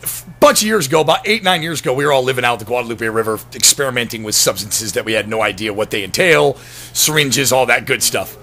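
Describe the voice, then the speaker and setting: A man's voice: mid-range voice, fast, bright, forceful tone. A man telling a long personal story in a casual, rambling vlog, swearing freely and breaking into laughter as he goes. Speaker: vlogger.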